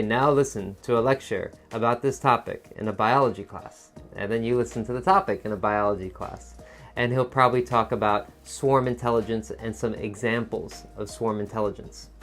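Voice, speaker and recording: A man teaching a test-prep lesson in a patient, encouraging teacher voice, explaining step by step. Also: medium pitch. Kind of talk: instructional video lesson.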